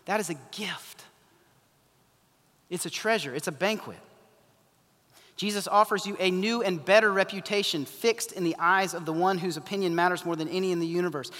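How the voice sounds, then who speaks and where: A high, bright male voice delivers an impassioned sermon that swings between loud urgency and hushed pleading. The sound carries a long reverb, as in a large church hall. He speaks as a pastor addressing his congregation.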